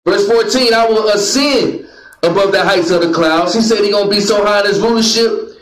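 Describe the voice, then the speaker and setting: Guy with a high voice preaching a bible lesson, bossing the reader around, roomy echo. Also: a little fast. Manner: calls out commands to a reader, jokes with the crowd. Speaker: Bible teacher. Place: meeting room with a group.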